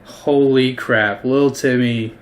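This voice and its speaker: A man's voice: medium pitch, fairly even intonation, slow. A man narrating a tabletop game as game master, casual and hesitant with many fillers.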